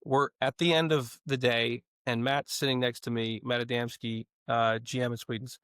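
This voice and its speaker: A man telling a story as a guest in casual chat, lively and playful, acting out the people in it. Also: mid-range voice, moderate pace, smooth, no room sound, studio quality. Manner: animated, playful storyteller who acts out the other people in his stories.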